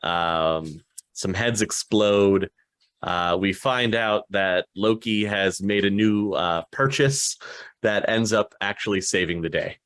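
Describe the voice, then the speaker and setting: A man narrating as game master of a tabletop role-playing game, relaxed and unhurried with frequent fillers. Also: on the low side, smooth, no room sound.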